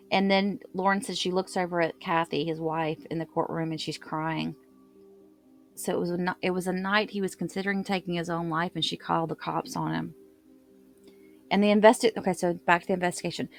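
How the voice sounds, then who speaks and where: A woman's voice: fairly low pitch, steady tone, brisk, faint music behind. A woman casually retelling court testimony, quoting people loosely and correcting herself as she goes. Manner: loose recap with filler words and self-corrections, quoting others. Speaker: true crime commentator.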